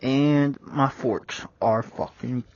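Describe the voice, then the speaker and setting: A young vlogger rides a dirt bike on country roads, talking casually in a slow, mid-range voice, swearing a lot and calling the viewer bro and dude. A small wireless clip-on mic gives a dry but muffled lo-fi recording with loud wind and road noise.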